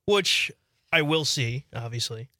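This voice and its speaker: A man's voice: mid-range voice, expressive, unhurried, bright, forceful tone, no room sound. A man co-hosting a casual radio show, laid-back with short replies and dry humor. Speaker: radio co-host. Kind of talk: casual on-air chat.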